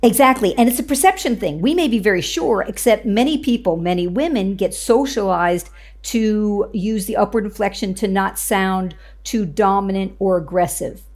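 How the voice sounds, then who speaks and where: A woman's voice: mid-range voice, normal speed, a little mellow. A woman communication coach, a guest on a show, explaining tips confidently and laughing easily. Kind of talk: interview guest.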